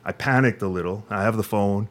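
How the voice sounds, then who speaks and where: A middle-aged man from Long Island, a podcast guest telling an animated anecdote, casually swearing and acting out the people in his story. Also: on the low side, brisk, noisy background. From Long Island, New York.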